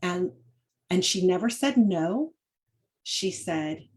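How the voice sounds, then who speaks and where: Mom hosting a faith and parenting chat, lowish voice, lots of ums and restarts. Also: female voice, expressive, takes it slowly, a little mellow. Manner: chatty, with frequent fillers and restarts. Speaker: podcast host. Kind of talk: casual faith-based parenting talk.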